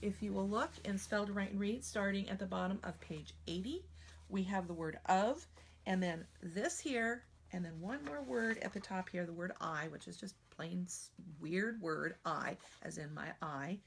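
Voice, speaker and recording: An American woman teaching spelling in a live online class. She talks in a chatty, animated way and sometimes slips into playful silly voices. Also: medium pitch, normal speed, vocal fry, a little hiss or hum. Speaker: spelling trainer.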